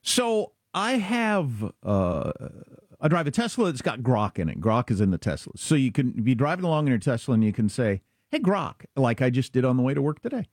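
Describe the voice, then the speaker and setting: A middle-aged man from Kansas, chatting casually as an animated storyteller with quick asides. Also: mid-range voice, no echo, clean studio sound. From Kansas, USA. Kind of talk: casual chat.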